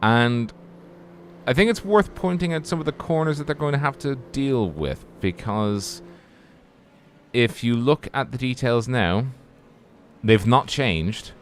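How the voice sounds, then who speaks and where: A man calling a sim race as lead commentator, giving steady play-by-play that lifts with the action. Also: mid-range voice, a little slow, slight background noise.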